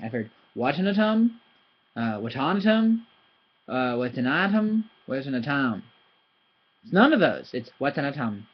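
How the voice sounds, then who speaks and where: A man who speaks English natively, teaching Thai pronunciation in a casual video lesson, talking in an animated, chatty way and slowly spelling out syllables. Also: mid-range voice, husky. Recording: slightly dull lo-fi recording.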